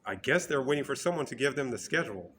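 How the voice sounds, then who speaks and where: A man delivers a motivational talk with emphatic, direct phrasing. His voice sits at a medium pitch, and a faint noise runs under the recording. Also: expressive, fast, pushed and bright.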